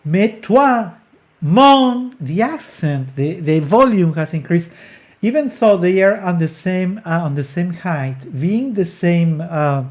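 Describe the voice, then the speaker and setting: A singing coach walks through an aria at a slow, deliberate pace, choosing words carefully and often starting them over. Short sung syllables break up the explanation to show how a phrase should move. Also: mid-range voice, animated, darkish tone. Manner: sings short demonstration syllables between explanations.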